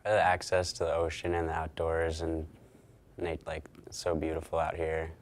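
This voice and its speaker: A man's voice: a bass voice, completely flat delivery, moderate pace. A young man, a guest on a talk show, answering in a hesitant, thoughtful way. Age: young adult. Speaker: gardener, business owner. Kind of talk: casual interview chat.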